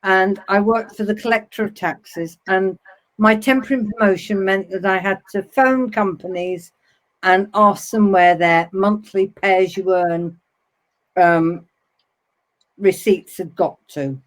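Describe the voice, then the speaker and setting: A woman's voice: medium pitch, fairly even intonation, slow. A middle-aged woman in casual conversation, reminiscing and telling anecdotes with a laugh. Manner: chatty, reminiscing, laughs at own stories. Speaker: web TV host.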